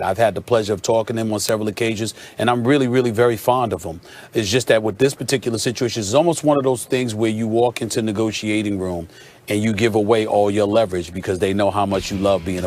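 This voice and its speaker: A man's voice: lowish voice, darkish tone. A man hosting a sports debate show, arguing his points emphatically and listing them one after another with frequent uhs.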